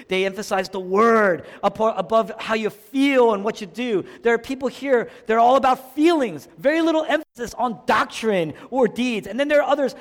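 A man preaching a sermon, dramatic, swinging between loud emphatic lines and hushed low ones. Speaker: pastor. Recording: long hall reverb.

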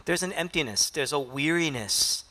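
A man preaching a sermon, emphatic, building rhetorical lists and swinging between loud peaks and hushed drops. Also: fairly high pitch, expressive, moderate pace.

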